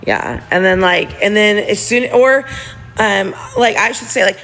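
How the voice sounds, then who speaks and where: Woman livestream host, gossipy and giggly, rambling chat into a phone, slight vocal fry. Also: mid-range voice, measured pace, fairly bright tone. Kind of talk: casual livestream chat to viewers.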